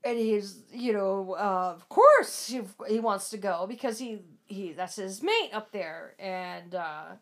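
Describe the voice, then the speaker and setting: A woman chatting casually as a co-host, telling a story with animated laughter and acted-out reactions. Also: medium pitch, takes it slowly, hardly any pauses. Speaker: podcast co-host discussing audiobooks. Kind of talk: casual chat.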